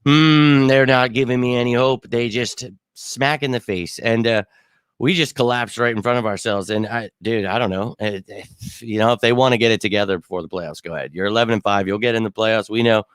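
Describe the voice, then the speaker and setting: A man in the middle of an angry postgame rant, irate and still shaken, tripping over his words and starting over. His voice sits at an ordinary pitch and is recorded close and dry, with no room sound around it. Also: steady tone, fairly quick, clear, resonant tone, no echo. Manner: angry, exasperated rant with frequent restarts. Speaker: podcast host. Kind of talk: postgame fan reaction talk.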